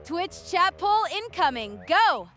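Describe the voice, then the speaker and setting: A woman's voice: very high voice, very animated, slow, sharp tone. A woman's voice, an AI co-host, reading chat messages in a peppy, slightly scripted stream chatter style.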